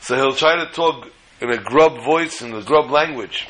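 A man teaching a Torah class, telling the story in a lively way and acting out the dialogue. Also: mid-range voice, moderate pace, poor audio. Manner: animated storytelling, acts out dialogue.

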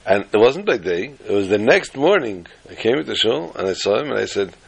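Husky, low-voiced male storyteller, rambling and self-deprecating. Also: very animated, brisk, rough recording. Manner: rambling, self-deprecating, stumbles and repeats words. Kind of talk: casual spoken storytelling.

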